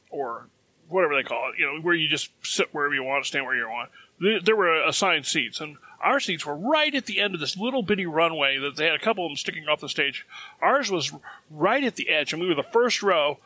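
A man's voice: a little high, sharp tone. A middle-aged man hosting a podcast. He tells a long personal anecdote in a chatty, self-amused way and chuckles at his own jokes. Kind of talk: casual storytelling.

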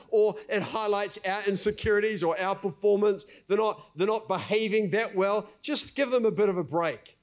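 A middle-aged pastor, preaching in a conversational way and acting out everyday scenes. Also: male voice, sits high, a bit bright. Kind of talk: sermon.

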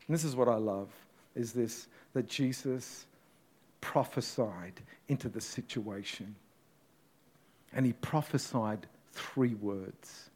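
A man preaching a sermon as a pastor, telling the story dramatically and swinging from loud to hushed. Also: medium pitch, slow pace.

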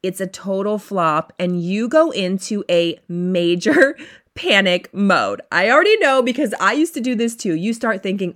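A woman's voice: medium pitch, expressive, moderate pace. A woman hosting a solo podcast, coaching retail owners in a chatty, upbeat way and acting out her listeners' inner voices.

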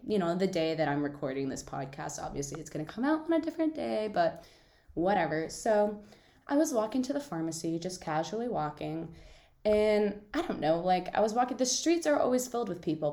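A woman's voice: fairly low pitch, animated, a little fast, creaky, warm tone, echoey room. A young woman hosting her own podcast, chatting casually and telling stories with lots of fillers and giggles. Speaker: podcast host. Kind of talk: casual solo podcast chat.

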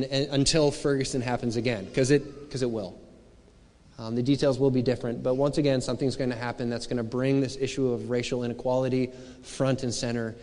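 A man's voice: mid-range voice, a little mellow. A man preaching a sermon as pastor, talking in a conversational, searching way full of rhetorical questions. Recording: long hall reverb.

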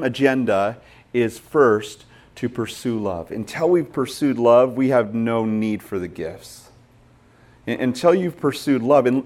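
A man's voice: medium pitch, darkish tone. A middle-aged male pastor preaching a sermon, talking conversationally and telling stories with emphatic stress.

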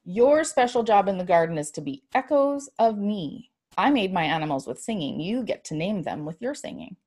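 A woman voicing God as a cheerful little girl, spoken gently in a storytelling way. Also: mid-range voice, big pitch swings, moderate pace, husky. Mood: playful.

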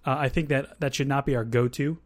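A man hosts a podcast in an easygoing, conversational way, drifting into asides and restarting his thoughts. His voice sits at a middle pitch. The recording is dry and close. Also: fairly even intonation, fairly quick, no room sound. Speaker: podcast host. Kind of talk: casual podcast discussion.

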